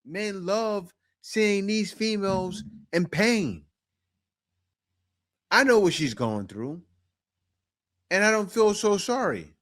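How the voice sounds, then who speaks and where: A man giving reaction commentary in a high voice at an unhurried pace. He leans on his points with emphasis and circles back to them, addressing the viewers directly. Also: lively intonation, a bit bright.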